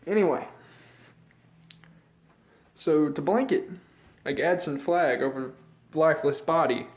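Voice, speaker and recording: A man's voice: fairly high pitch, slow. A young man from the United States ranting casually in a vlog. He rambles, swears a lot, loses his thread and sounds out of breath and a bit sick. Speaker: vlogger. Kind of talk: casual opinion rant.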